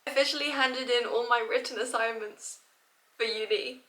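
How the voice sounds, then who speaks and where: A woman's voice: a little high, moderate pace. Chatty young woman, echoey room. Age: young adult. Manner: chatty and excitable, jokey and self-mocking. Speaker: student vlogger. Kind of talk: casual vlog talk to camera.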